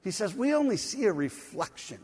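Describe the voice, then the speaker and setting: A man preaching to his congregation in a casual, conversational way, often asking them to answer back. His voice sits a little high for a man. The sound carries a long reverb, as in a church sanctuary. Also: big pitch swings, brisk, a little mellow, slightly rough. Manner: conversational, asks congregation to respond, laughs at own jokes. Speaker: pastor. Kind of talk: sermon.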